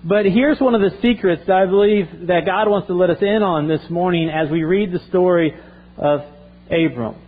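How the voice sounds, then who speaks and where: A man's voice: high voice, normal speed. A male pastor preaching a sermon in an earnest way, often repeating and restarting phrases. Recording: tinny phone-like sound.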